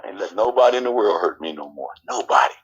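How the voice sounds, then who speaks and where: A man telling a personal family story as a guest, lively and acting out the quotes. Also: low voice, fast talker, breathy edge, muffled recording.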